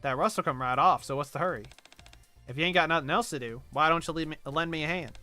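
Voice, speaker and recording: A man's voice: on the high side, fast, sharp tone, faint music behind. A man putting on a drawling Southern shopkeeper woman. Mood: coaxing. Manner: drawling, teasing, casual. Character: folksy middle-aged woman shopkeeper.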